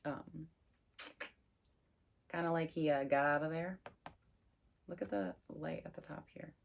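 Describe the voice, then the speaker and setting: Chatty woman with a gravelly voice. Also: low voice, unhurried. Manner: chatty, excitable, thinking aloud over cards. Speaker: tarot reader. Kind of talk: casual tarot reading.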